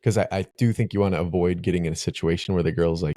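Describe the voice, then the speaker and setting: Dark, gravelly-voiced man giving advice. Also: deep voice, rapid-fire, dry recording. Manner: relaxed, filler-heavy advice giving. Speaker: podcast co-host, dating coach. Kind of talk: casual podcast chat.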